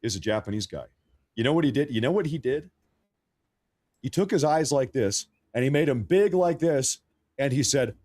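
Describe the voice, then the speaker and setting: A man's voice: mid-range voice, expressive, moderate pace, a little mellow, dry recording, studio quality. An American man hosting a livestream, giving casual news commentary in a blunt, crude, joking way. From United States. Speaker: livestream host.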